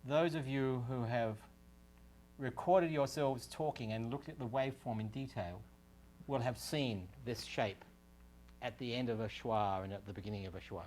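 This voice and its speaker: In a lecture room, a research scientist with a medium-pitched, darkish voice gives a university lecture on speech science. He explains the technical material step by step at a moderate pace, using fillers and restarting sentences.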